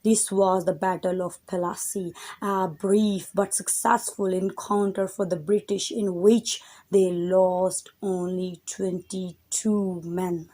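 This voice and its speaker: A woman's voice: mid-range voice, little pitch movement, slow pace, few pauses, mellow. A woman teacher reading a textbook chapter aloud and stopping to explain words to her students. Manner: reads text aloud, then explains words; addresses her students directly.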